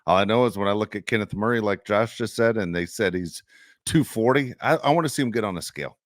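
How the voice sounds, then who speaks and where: A man's voice: on the low side, fast talker, no echo, studio quality. A man co-hosting a sports podcast, ranting in exasperation about his team's play in casual chat. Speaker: podcast co-host.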